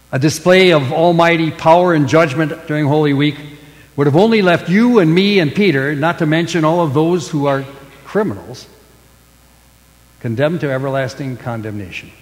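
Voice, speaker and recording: Emphatic preacher man in a reverberant hall. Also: a little high. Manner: emphatic, swings between loud stresses and hushed endings. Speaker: pastor. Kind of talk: sermon.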